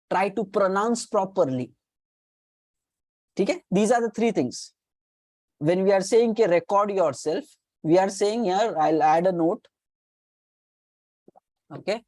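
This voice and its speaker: A woman's voice: medium pitch, animated, brisk, warm tone, no echo. A woman with an Indian accent teaching an online class on communication skills, coaching her students, repeating key points and mixing Hindi phrases into her English.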